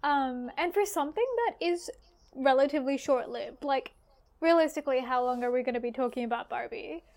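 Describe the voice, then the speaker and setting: High-voiced aussie woman co-hosting a chatty podcast, laughs a lot. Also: brisk, darkish tone. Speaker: podcast co-host. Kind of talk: casual chat.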